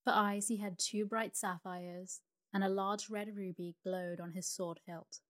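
Calm woman reading a bedtime story. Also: medium pitch, measured pace. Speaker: narrator.

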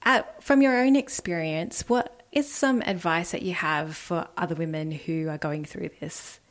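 A woman hosting a podcast, interviewing a guest with gentle, supportive questions. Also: lowish voice, measured pace. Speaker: podcast host.

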